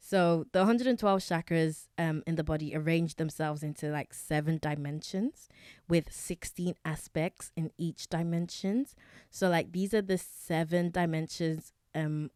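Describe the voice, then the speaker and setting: A woman's voice: low voice, a little mellow, no echo, studio quality. A young woman hosting a casual solo wellness podcast, chatty and self-correcting, with many fillers. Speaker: podcast host.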